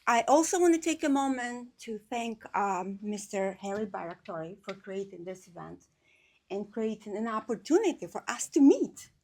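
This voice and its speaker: A woman's voice: mid-range voice, animated, moderate pace, darkish tone. A woman with an Albanian accent giving an earnest tribute speech at a memorial event. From Albanian American. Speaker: guest speaker at a memorial event.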